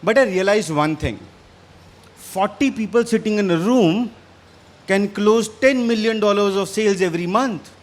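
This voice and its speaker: A man with an Indian English accent, slightly hoarse, giving an energetic interactive business talk on stage. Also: sits high, normal speed. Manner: energetic, quizzes and challenges the audience. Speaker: business speaker. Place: stage in front of a live audience.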